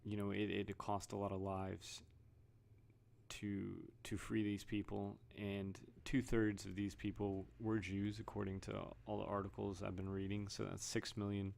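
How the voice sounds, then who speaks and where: A man talks through his thoughts in a loose, rambling vlog. His voice sits fairly low, with a gravelly fry, and he often restarts his sentences and reads headlines aloud. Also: monotone, measured pace, a little mellow. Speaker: vlogger. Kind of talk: casual commentary.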